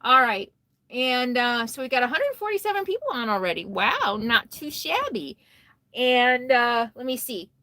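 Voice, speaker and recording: A woman hosts a casual livestream, talking into a phone held close from inside her RV. Her voice sits a little high and sounds bright and forward, with a dry, close sound. She comes across tired but chatty, greeting viewers by name and laughing often. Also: sing-song, normal speed, dry recording. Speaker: RV vlogger hosting a livestream. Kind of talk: casual live stream chat.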